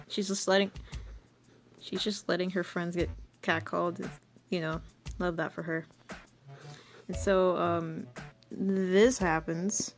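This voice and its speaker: A woman's voice: on the low side, unhurried, long pauses, a little hiss or hum. A young woman rambling through her old comic with self-mocking casual commentary.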